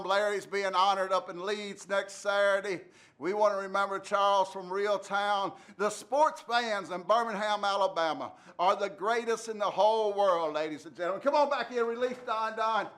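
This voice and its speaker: A man hosting a rowdy sports radio show, loud and theatrical, shouting comic bits. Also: high-pitched, steady tone, normal speed.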